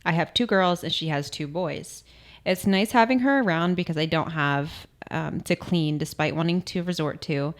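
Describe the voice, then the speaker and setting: Relaxed young mom reading comments. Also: female voice, low-pitched, moderate pace. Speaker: podcast co-host. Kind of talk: casual chat, reading listener comments.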